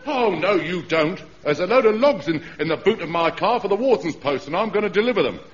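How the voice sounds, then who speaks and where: A man's voice: high voice, animated, a little fast. An actor playing a rude, mocking male warden in a radio sitcom. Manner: rude, mocking, coarse working-class Londoner. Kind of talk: 1970s radio sitcom acting. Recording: dull old radio recording with hiss.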